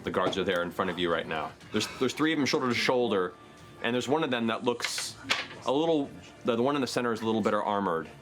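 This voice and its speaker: A man's voice: fairly low pitch, music in the background. A man narrating a tabletop game as game master, describing scenes and calling for rolls. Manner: lively, animated narration with quick asides.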